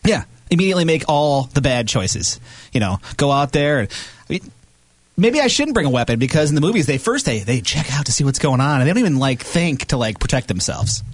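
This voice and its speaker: Cheery male radio co-host, animated pitch. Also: brisk, slightly rough, no echo. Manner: cheery, self-mocking, laughs often. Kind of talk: casual radio banter.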